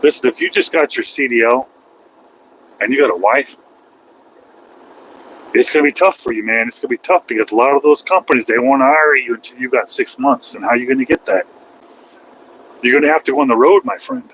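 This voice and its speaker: Driving his truck down the road, a middle-aged man chats casually in a folksy, wandering way with occasional cursing. He sounds animated and a bit bright, mid-range and a little quick. The low-quality recording carries slight background noise.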